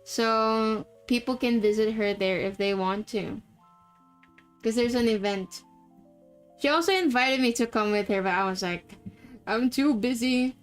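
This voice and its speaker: A woman's voice: on the high side, a little slow, clean tone, faint music behind. A young woman from the Philippines streaming live, chatting casually and laughing often while setting up a game. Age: young adult. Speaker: VTuber streamer.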